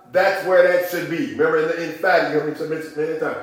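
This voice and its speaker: A middle-aged man preaching a sermon as pastor, emphatic and calling out amens, rising at times to shouts. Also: a little high, steady tone, fast, few pauses. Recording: echoey room.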